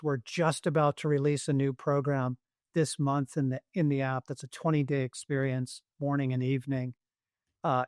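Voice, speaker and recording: A man guesting on a podcast, talking eagerly and calmly in casual conversation. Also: a little high, no room sound, clean studio sound. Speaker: guest author.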